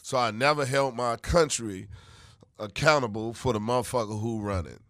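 A man riffing loudly as a comedian guest in casual chat, brash, profane and boastful, from the United States. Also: medium pitch, normal speed, no echo, studio quality.

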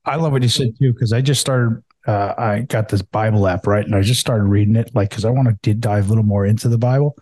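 A man's voice: lowish voice, fairly even intonation, fast talker, hardly any pauses, darkish tone, dry recording. A man talking candidly in a casual podcast conversation, swearing freely and using lots of fillers. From United States. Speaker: podcast guest.

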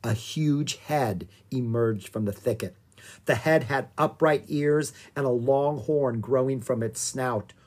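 Slow, breathy storybook reader. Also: mid-range voice, a little mellow. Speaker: audiobook reader. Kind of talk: children's book narration.

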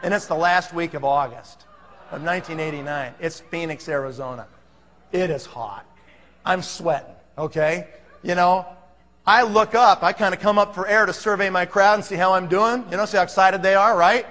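A man telling a story to an audience, animated and acting out the scene. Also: high voice, moderate pace. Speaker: speaker telling a sales story. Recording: long hall reverb.

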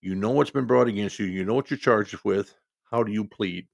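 A man's voice: on the low side, brisk, vocal fry, no echo, clean studio sound. A man voicing a weary older judge who talks bluntly and without patience. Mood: stern. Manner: blunt, no-nonsense.

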